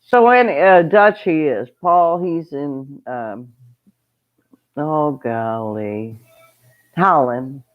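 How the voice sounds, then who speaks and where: Slow, chatty homestead woman on a lo-fi stream. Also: deep voice. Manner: chatty, rambling, greets viewers mid-story. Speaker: homestead channel host. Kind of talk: casual livestream storytelling.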